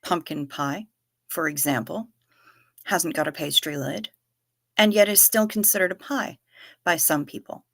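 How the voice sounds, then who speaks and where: This livestream host is a woman with a fairly low, pushed, bright voice. She chats casually, reading viewer comments aloud with wry asides and repeating herself for effect. The recording is dry and has a clean studio sound.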